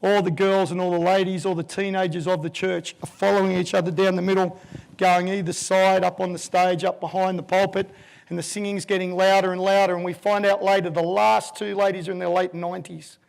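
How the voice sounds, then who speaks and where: Man, 50s, keynote speaker; lively storyteller with a high, gravelly voice. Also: brisk. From Australia. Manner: vivid, animated storyteller who acts out voices.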